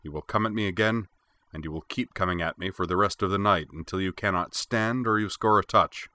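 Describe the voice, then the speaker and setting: A man's voice: low-pitched, a little fast, pushed and bright, no room sound. A man voicing a big, stern older male warlord who growls commands at his young student.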